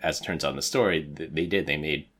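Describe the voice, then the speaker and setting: A man co-hosting a podcast, speaking in a measured, analytical way in casual chat. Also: extremely low pitch, fairly bright tone, breathy edge. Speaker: podcast co-host.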